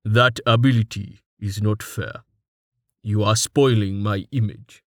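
A man doing a slow, stoic armored warrior. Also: lowish voice, fairly even intonation, dry recording, studio quality, close to an everyday voice. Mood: calm. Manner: slow, measured and formal, no contractions. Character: stoic, dryly humorous armored male warrior.

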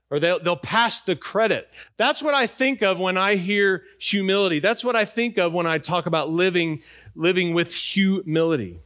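A man's voice: high-pitched, animated, normal speed, fairly bright tone. A middle-aged man preaching a sermon in a conversational way, asking his congregation questions. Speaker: pastor.

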